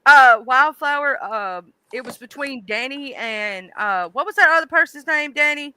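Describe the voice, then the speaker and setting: Very high, bright, slow-talking woman. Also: lively intonation. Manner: giggly, playful teasing, drawn-out delivery. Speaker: stream host. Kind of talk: casual chat on a livestream.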